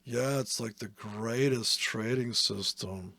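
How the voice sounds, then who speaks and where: Man, trading commentary, sarcastic, profane, creaky, close dry recording. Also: mid-range voice, moderate pace, no echo. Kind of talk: casual screen-share trading commentary.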